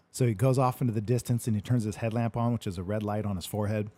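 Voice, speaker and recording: This man, on the low side with a steady, mellow voice and a quick pace, hosts a casual chat and takes live questions. He meanders through a loose story, laughing a lot and cursing without hesitation.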